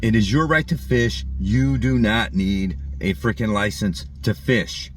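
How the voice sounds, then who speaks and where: A man with a fairly low voice speaks a little slowly, sitting far from the mic with slight background noise. As host of his own opinionated vlog, he rants indignantly and repetitively, mocking the comments of people who disagree with him.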